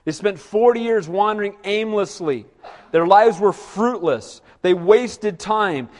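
A pastor delivering a sermon in a fairly high voice, animated, rising to loud bursts and then dropping to near-hushed asides. The sound carries a long reverb, as in a church hall. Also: male voice.

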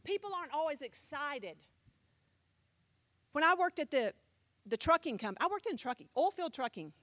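A middle-aged woman pastor preaches in a high, dry, close-miked voice. She fires rhetorical questions and swings from loud emphasis to hushed asides. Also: animated, normal speed, no echo. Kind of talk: sermon.

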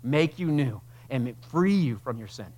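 A man preaches to his congregation in a mid-range voice. He talks plainly and quickly at first, then pushes into loud, stretched-out lines for emphasis. He sounds like a pastor speaking from the front of his church. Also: medium pitch, animated. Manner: conversational preaching that swells into loud, slow emphatic passages. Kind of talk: sermon. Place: church sanctuary.

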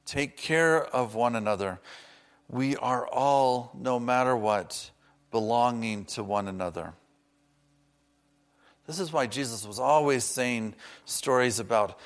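An earnest man delivering a sermon at a middle pitch. He draws out key words for weight, then slips into easy, conversational asides. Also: creaky. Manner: earnest, slows down for emphasis, chatty asides. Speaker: preacher.

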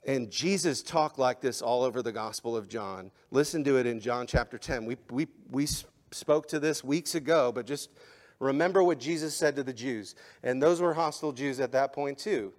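A man preaching a sermon as pastor, impassioned, rising to emphatic peaks and then dropping quiet. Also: medium pitch, normal speed. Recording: long hall reverb.

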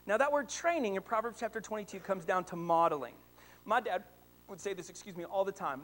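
A high-pitched male preacher in his thirties delivers a sermon full of family anecdotes. He tells his stories with animated energy and lively swings in volume. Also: quick pace. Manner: animated storytelling, rising to excited shouts. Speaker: pastor.

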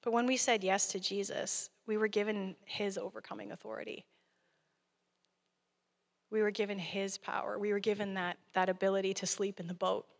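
A woman delivers a sermon in a plain, conversational way, earnest and direct. Her voice sits at an ordinary middle pitch. It rings out with the long reverb of a church hall. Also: flat delivery, moderate pace, gravelly. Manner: earnest, conversational, laughing at times. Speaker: guest preacher.

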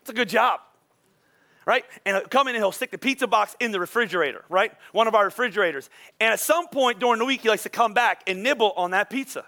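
A man's voice: sits high, fast talker. A man in his forties preaching a sermon to his congregation, throwing questions at them and acting out children's outbursts. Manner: animated, acts out kids' outbursts; talks to the congregation, asks questions. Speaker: pastor.

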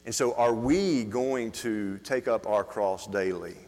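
A man preaching a sermon as pastor, asking the congregation questions and building from quiet reflection to emphatic delivery, with frequent restarts. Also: lowish voice, takes it slowly. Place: church hall. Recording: long reverb of a church hall.

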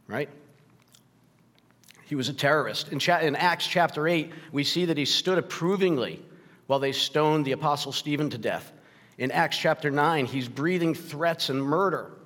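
A man's voice: mid-range voice, a bit bright. A man preaching a sermon in a conversational style, asking "right?" often and growing emotional at points. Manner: emotional, gets choked up and laughs. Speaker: pastor. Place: church sanctuary. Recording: long hall reverb.

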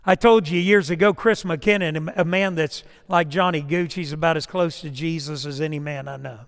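This sermon comes from a pastor whose notably high voice holds a steady tone, his delivery slow and emphatic. When storytelling, he softens into a confiding hush. A lapel or stage mic picks him up with occasional crackles, all wrapped in long reverb.

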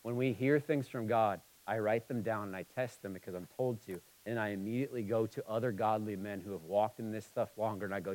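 A man preaching a sermon, moving between emphatic, passionate stretches and quiet, somber ones. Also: on the low side, brisk, low-quality recording. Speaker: pastor.

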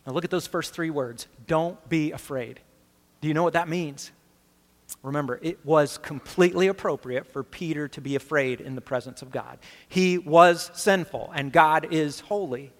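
A man's voice: fairly high pitch, moderate pace, a bit bright. A man preaching a sermon as a pastor. He speaks earnestly and with emphasis, asking his listeners rhetorical questions. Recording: long reverb of a large hall.

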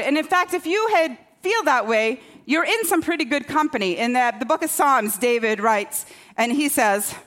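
A woman pastor preaches in a conversational style, poking fun at herself and checking in with the congregation through a rhetorical "okay?". Her high voice is animated and fairly bright, at a moderate pace.

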